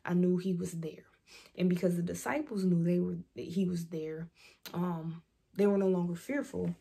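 A woman shares an earnest devotional reflection, moving between scripture and her own story. Her voice sits low and carries a gravelly, husky edge. The tone is mellow and dark rather than bright. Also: fairly even intonation, moderate pace. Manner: earnest, reflective, personal testimony. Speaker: vlog host. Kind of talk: devotional talk with scripture reading.

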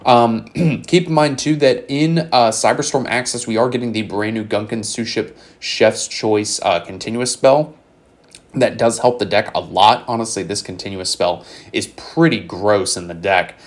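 A young man with a somewhat low voice talks through a card game deck in a loose, hyped way. He jokes and swears freely while he explains it. He is recorded on a desk mic in a room at home. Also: moderate pace. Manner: hype, profane, joking. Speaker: card game content creator. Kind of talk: casual deck breakdown.

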